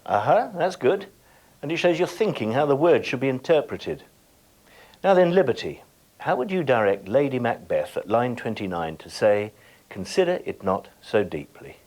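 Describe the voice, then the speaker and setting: A man's voice: mid-range voice, sing-song, normal speed, darkish tone. A middle-aged man giving a scripted lesson as a teacher, addressing viewers directly and setting them tasks. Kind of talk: scripted educational presentation.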